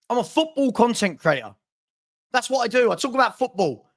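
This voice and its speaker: A man's voice: very high voice, sing-song, brisk, a bit bright. A man hosting a football channel, venting on a live stream with stammering restarts and repeated phrases. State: frustrated.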